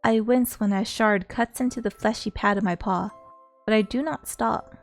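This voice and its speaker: A woman's voice: a little high, fairly even intonation, normal speed, soft background music. A woman streamer reading a story game aloud in an earnest way, stopping now and then to talk with her viewers.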